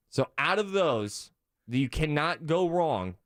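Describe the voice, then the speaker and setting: A man's voice: fairly high pitch, animated, slow pace, a bit bright, no room sound, clean studio sound. A man hosting playful comedy banter, with mock-formal interviewer bits. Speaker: host.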